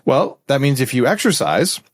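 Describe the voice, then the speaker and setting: A middle-aged man hosting a podcast interview, explaining ideas in an animated, conversational way. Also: medium pitch, dry recording, studio quality. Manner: animated, explanatory, quick asides. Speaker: podcast host.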